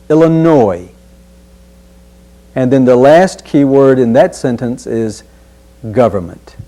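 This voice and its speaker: A male speech instructor leads a pronunciation drill at a slow, measured pace. His voice is mellow and sits in a middle register. He sounds out each word with care and repeats it for the listener. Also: mid-range voice.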